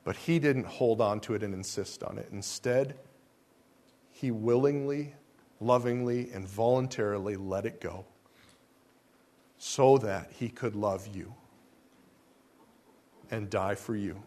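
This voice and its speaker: A man preaching a sermon, asking the congregation rhetorical questions and swinging between soft, slow lines and loud ones. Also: lowish voice. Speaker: pastor.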